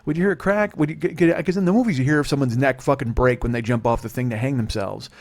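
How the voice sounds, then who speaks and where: Fast-talking, foul-mouthed male podcast host. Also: medium pitch, darkish tone. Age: 40s. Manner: profane, rambling rant with many restarts; self-deprecating, exasperated. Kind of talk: solo comedic podcast monologue.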